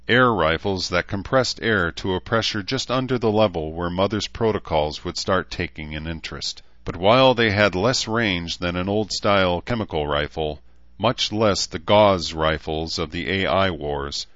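Deep-voiced man narrating a novel. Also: a bit bright, no room sound, dull audio. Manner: acts out characters' lines with raised pitch and force. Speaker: audiobook narrator. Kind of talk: scripted narration.

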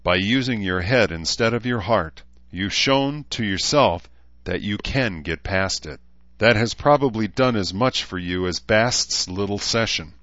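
A man voicing a calm, thoughtful male noble commander who explains things in a reasoned, measured way, in an audiobook. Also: lowish voice, no echo, muffled recording. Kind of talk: audiobook character voice.

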